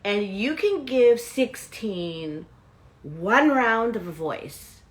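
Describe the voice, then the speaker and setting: A woman's voice: mid-range voice, expressive, extremely slow. A woman hosting a live motivational self-help talk, chatting directly with her viewers. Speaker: host and self-help coach.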